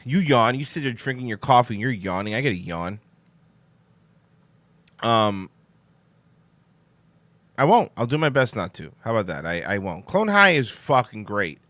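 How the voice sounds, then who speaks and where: Lively, bright-voiced man hosting a stream. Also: medium pitch, normal speed, pauses often, no room sound. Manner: rambling, sarcastic, swears casually. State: yawning, sleepy in the morning. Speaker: host of a live-streamed morning talk show. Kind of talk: casual live-stream chat reading the chat.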